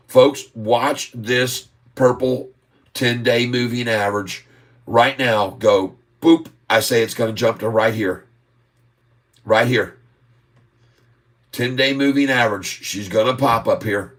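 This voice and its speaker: A man hosting a live stock-market stream, excitedly calling price moves, drawing out sing-song chart calls and repeatedly addressing viewers as folks. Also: medium pitch, measured pace. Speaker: stock market channel host.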